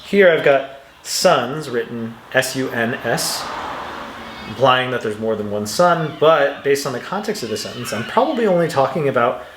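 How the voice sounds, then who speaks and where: A man's voice: mid-range voice, animated, moderate pace, fairly bright tone, a little hiss or hum. Patient male English teacher, roomy sound. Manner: patient, methodical, reads example sentences aloud with exaggerated intonation. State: dry throat, clears it now and then. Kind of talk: instructional walkthrough.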